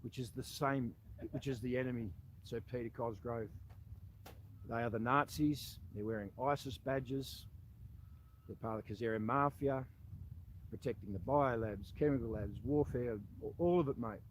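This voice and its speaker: Australian ex-soldier, plain-spoken and forceful, mid-pitched man's voice, faint room hum behind him. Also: normal speed, poor audio. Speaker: army veteran. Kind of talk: impassioned monologue addressed to an official.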